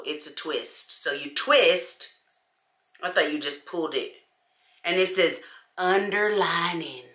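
A woman chats to camera in an animated, conversational way, calling her viewers y'all. Her voice sits a little low but sounds bright and forceful. The room is echoey around her. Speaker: beauty vlogger. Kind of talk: casual chat to camera.

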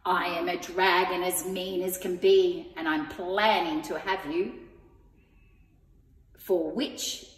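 A woman's voice: fairly low pitch, steady tone, slow pace. Mean storybook dragon, read by a woman. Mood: threatening. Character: mean hungry dragon, male. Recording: echoey room with long reverb.

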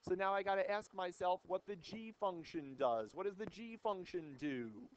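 A man's voice: high voice, moderate pace, dull audio, a little hiss or hum. A young male math teacher giving a jokey, playful lecture to a classroom of students on an old microphone. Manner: playful, wisecracking, theatrical.

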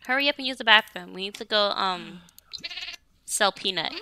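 A woman's voice: mid-range voice, normal speed, bright, forceful tone, clean tone. A young woman casually commenting on her life-sim game as she plays, chatting to viewers and bossing her characters around. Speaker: let's play streamer.

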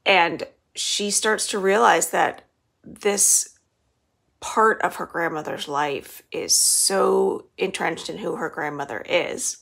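A woman's voice: fairly low pitch, vocal fry, slightly rough. A woman librarian reading the first chapter of a children's novel aloud, telling it expressively. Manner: expressive storytelling.

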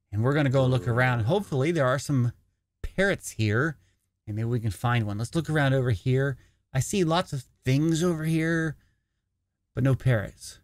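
A man's voice: mid-range voice, a little mellow, no echo. Playful man narrating his gameplay. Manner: chatty, playful, slips into a jokey pirate voice. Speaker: gaming channel host. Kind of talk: casual gameplay commentary.

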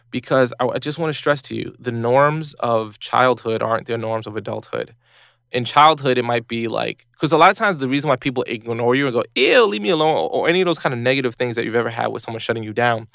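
Gravelly-voiced man giving casual advice. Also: no echo, clean studio sound. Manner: animated, acts out quoted people in high voices. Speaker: podcast host.

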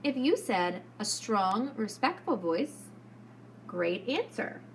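Slow, lively-voiced woman preschool teacher. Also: mid-range voice, slight background noise. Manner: slow, clear and sing-song, speaking to small children. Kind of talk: lesson for young children.

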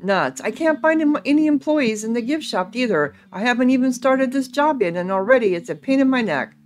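A woman's voice: fairly high pitch, animated, brisk, lightly acted. A woman voicing a brash female ghost hunter from a video game, talking in a blunt, folksy way.

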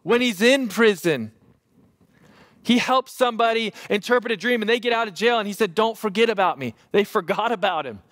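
A man in his thirties, a pastor preaching a sermon and telling a lively family story with self-deprecating humor. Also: high voice, normal speed, no echo.

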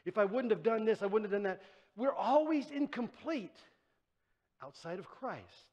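A man's voice: sits high, animated, normal speed, darkish tone, highs cut off. A man preaching a sermon as pastor, in a conversational way, acting out the voices he quotes. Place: church. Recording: church sanctuary with long reverb.

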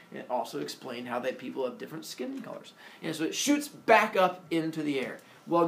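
Animated male teacher telling a myth. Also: on the high side, vocal fry, slight background noise. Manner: animated, playful storytelling, asides to students. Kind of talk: retelling a myth to a class. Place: classroom. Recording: echoey room, far from the mic.

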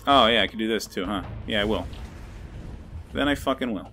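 A man's voice: lowish voice, brisk, bright, forceful tone. A young man commenting on his own card game as he plays, often swearing and ranting in frustration. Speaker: gameplay video creator. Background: faint background music.

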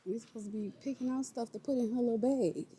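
A woman's voice: fairly high pitch, quick pace, dark tone, breathy edge. A woman in a store, talking to a child in short, repeated bits and calling her baby. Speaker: vlogger pranking her goddaughter. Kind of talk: casual vlog talk to a child. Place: inside a store.

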